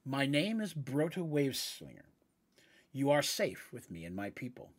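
A man voicing a kind young male minotaur with a very deep, calm and soothing voice, in a tabletop game. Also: moderate pace, husky.

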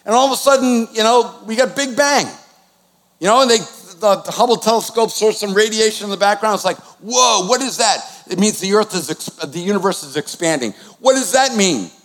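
A man's voice: high voice, animated, fairly quick. A man, preaching a conversational sermon with sudden swings in volume. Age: 60s. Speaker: pastor. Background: new-age music.

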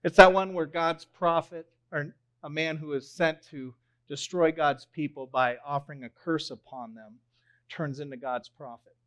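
A young man preaching a sermon, telling a story in an animated way and swelling loud on key phrases. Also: on the high side, unhurried. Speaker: pastor.

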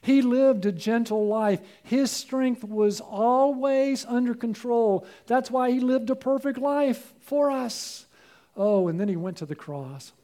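An earnest male preacher with a high voice that still sounds dark and mellow. He pleads with the listener, drops to hushed appeals, then lifts his voice for emphasis. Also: slow. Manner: earnest, pleading, swings between soft and raised. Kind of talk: sermon.

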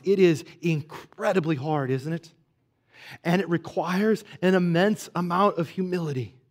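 A man preaching a sermon in a conversational way, asking rhetorical questions and moving between hushed asides and emphatic stretches. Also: high-pitched. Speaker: pastor.

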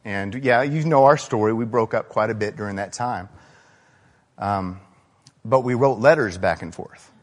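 A pastor giving a sermon in a conversational, storytelling way, with frequent rhetorical questions to the congregation. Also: male voice, lowish voice, normal speed, long reverb tail.

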